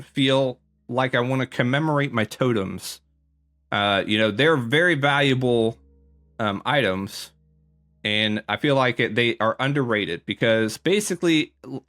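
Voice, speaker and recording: A gaming YouTuber with a mid-range, slightly bright male voice gives a casual commentary tour of a game. Slightly out of breath, he rambles, leans heavily on fillers, and keeps correcting himself.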